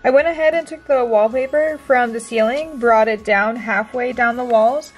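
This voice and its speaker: A chatty young woman with a high voice narrates a casual crafting vlog at a moderate pace, talking to herself as she works and dropping into soft asides.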